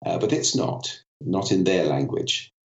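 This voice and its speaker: Despite having a cold, this man, an expert on voice and communication, gives articulate explanations as a podcast interview guest, showing off vocal effects as he talks. He has a deep, creaky voice with lively intonation and a slightly slow delivery, recorded in dull audio with a roomy sound.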